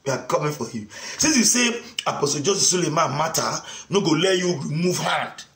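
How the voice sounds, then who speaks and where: A man with a Nigerian accent, an online preacher, ranting in a mocking, taunting way and often bursting into shouts. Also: a little high, expressive, fairly quick. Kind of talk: mocking rant to camera. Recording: echoey room.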